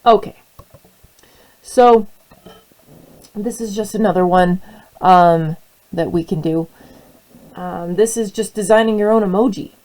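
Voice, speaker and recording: A young woman teacher who has the hiccups gives a casual classroom tutorial, friendly and rambling with fillers and restarts. Her medium-pitched voice has a darkish tone and a measured pace with frequent pauses, captured on a rough recording.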